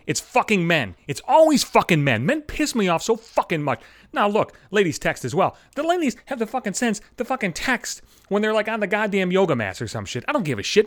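Podcast host, man, 30s, profane animated ranter, slightly high voice, dry close sound. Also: no room sound. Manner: foul-mouthed, animated ranting. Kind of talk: profane solo podcast rant.

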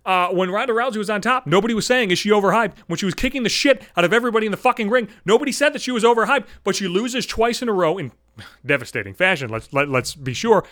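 A man's voice: high voice, expressive, fast talker, a bit bright. Furious, foul-mouthed man ranting on a podcast. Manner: angry, profane, heated ranting; stammering restarts when worked up. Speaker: podcast host. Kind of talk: solo podcast rant.

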